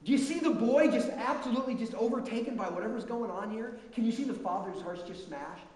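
High-pitched male preacher, animated and shouty, recorded in a reverberant hall. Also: a little fast. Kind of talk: sermon. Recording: echoey hall with long reverb.

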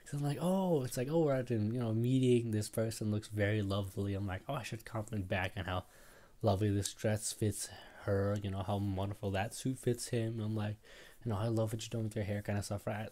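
A man's voice: on the low side, a little fast, a little mellow. Rambling young man telling a story. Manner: rambling, self-deprecating, fills with "right?". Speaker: podcast host. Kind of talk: casual solo storytelling.

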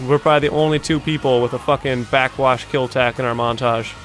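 Young man, gaming reaction host, casual, excitable, profane, average pitch. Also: fairly quick, soft background music. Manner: excitable, swears a lot, bursts of disbelief. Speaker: host reacting to video-game montages.

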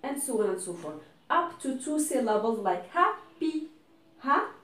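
A woman's voice: on the high side, animated, moderate pace. Teacher-like woman. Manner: patient, explains step by step, keeps checking "okay?"; switches into French and Arabic to explain. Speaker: English teacher. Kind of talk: classroom grammar lesson. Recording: echoey room, voice from a distance.

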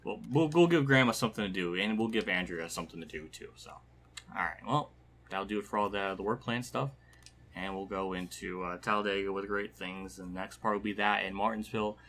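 A man's voice: on the low side, fairly quick, a bit bright. Frustrated man commentating a racing game. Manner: frustrated, rambling, swears and laughs. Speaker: gaming channel host.

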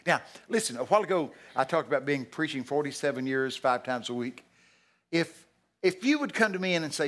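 Older male preacher, folksy storyteller, bursts up high and loud for emphasis. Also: lively intonation, moderate pace. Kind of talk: sermon. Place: church sanctuary.

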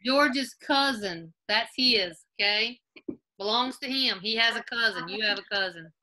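A woman's voice: fairly high pitch, unhurried, background noise. A woman teacher on a video call, reviewing a grammar quiz with her class and patiently spelling out answers. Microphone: laptop video call.

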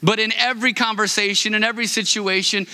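A man's voice: high-pitched, fairly even intonation, fast talker, bright, forceful tone, long reverb tail. A man preaching a sermon as pastor, talking in a conversational way with many fillers and restarts. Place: church sanctuary.

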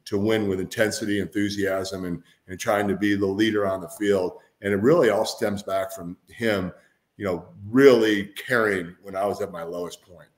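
A man's voice: fairly low pitch, steady tone, normal speed. A former football player, a man, speaking earnestly as a guest in a casual interview.

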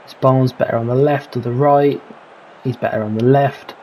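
The recording is rough, with slight background noise, as a man in a mid-range, slightly mellow voice commentates on a football management game at a moderate pace. His intonation stays fairly even while he calls players, thinks through tactics and mutters his worries.

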